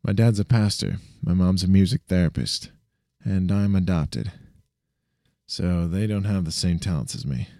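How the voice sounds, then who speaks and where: Man reading as a low, calm young hero, matter-of-fact, dark tone. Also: moderate pace, dry recording, clean studio sound.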